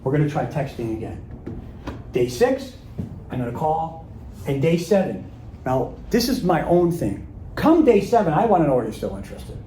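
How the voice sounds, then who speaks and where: A man's voice: fairly high pitch, very animated, moderate pace, pauses often, warm tone, roomy sound, slight background noise, rough recording. A man leading a live sales workshop, talking casually and acting out sample voicemails and emails. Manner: conversational, acts out sample calls and emails. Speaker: sales trainer.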